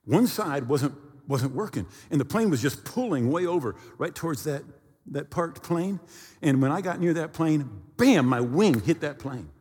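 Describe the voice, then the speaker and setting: Husky-voiced pastor telling a story. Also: male voice, fairly high pitch, normal speed, in a large hall. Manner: animated storyteller, acts out sounds and dialogue. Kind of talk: storytelling sermon.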